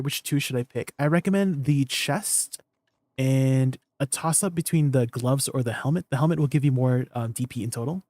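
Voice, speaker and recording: A man's voice: medium pitch, normal speed, dark tone, dry recording. A young man streaming a game, answering his viewers in a teasing, incredulous way. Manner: incredulous, teasing replies to chat. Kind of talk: live stream chat with viewers.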